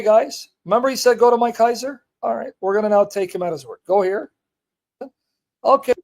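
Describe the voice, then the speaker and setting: A man hosting a livestream, reading a passage aloud and commenting on it with emphatic rhetorical questions to his viewers. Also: very high-pitched. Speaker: host of a livestream. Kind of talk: live teaching and commentary, reading a text aloud.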